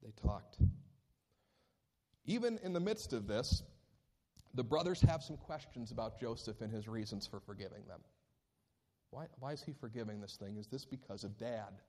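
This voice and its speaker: A male pastor preaching a sermon, moving between animated high-pitched questions and slow, deliberate scripture reading. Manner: reads scripture aloud slowly and deliberately.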